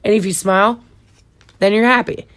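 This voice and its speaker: A woman's voice: medium pitch, fairly even intonation, moderate pace, fairly bright tone. A young woman co-hosting in casual chat, rambling and laughing often.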